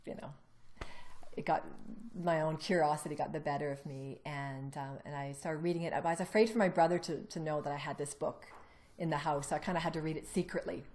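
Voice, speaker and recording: A woman's voice: low voice, brisk. A woman telling her own story in a casual interview, rambling with restarts and acting out what others said. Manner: animated storyteller who acts out other people's lines.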